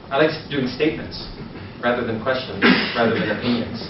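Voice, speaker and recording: A man's voice: medium pitch, a little fast. A man coaching a live seminar, playful and jokey, acting things out as he explains, recorded from a distance in an echoey room. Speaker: dating coach instructor. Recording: echoey room, distant muffled mic, noise.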